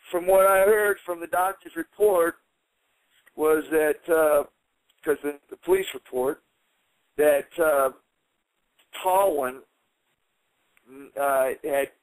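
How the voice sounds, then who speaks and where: A man with a fairly high voice tells a story in an interview, acting out the quotes with rising heat. The sound is dry and close, with no room echo. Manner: animated, heated retelling with acted-out quotes. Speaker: interview guest, former fighter.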